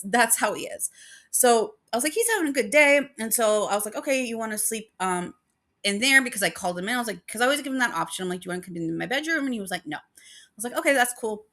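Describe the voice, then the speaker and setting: A woman's voice: mid-range voice, bright, forceful tone. A woman hosting a paranormal channel, chatting casually and rambling with many fillers, emotional about her dog. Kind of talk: casual chat.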